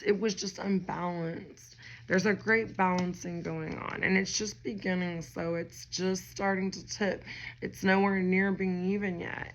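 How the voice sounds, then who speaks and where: Chatty, gravelly tarot-reading woman. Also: mid-range voice, fairly bright tone, lo-fi sound. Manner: chatty and rambling, many fillers, laughs often. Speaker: tarot reader. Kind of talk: casual spiritual tarot reading to viewers.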